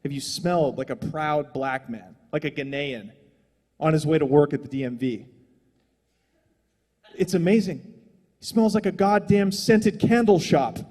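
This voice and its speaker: A man's voice: fairly high pitch, unhurried, long pauses, a little mellow, breathy edge, in a large hall. A young adult man doing a stand-up comedy set on a small stage, rambling and profane in a loose, conversational way.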